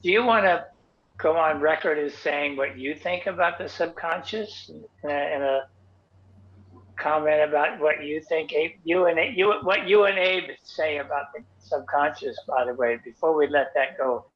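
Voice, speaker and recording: A man's voice: on the high side, moderate pace. A man in a casual group chat who rambles and coaxes someone to speak. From United States. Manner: rambling and coaxing. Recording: muffled lo-fi audio.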